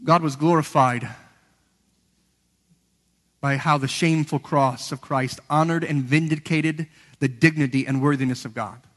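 An earnest man delivering a sermon, his somewhat high voice swelling to emphatic peaks and falling to near-whispers. The sound carries a long reverb, as in a big hall. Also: fairly even intonation, unhurried, pauses often. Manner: earnest, building to emphatic peaks and dropping to hushed lows. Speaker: preacher.

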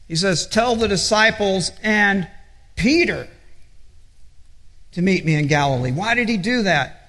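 A male pastor preaching an earnest sermon, with halting repetitions, dropping low and soft when he quotes scripture. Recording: echoey hall.

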